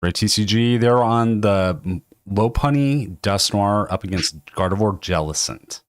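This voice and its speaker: A man with a hoarse voice from a cold, hosting a casual tournament livestream and rambling with frequent laughs. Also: on the low side, unhurried, no echo, clean studio sound. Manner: rambling, self-interrupting, laughs often. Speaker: tournament stream host.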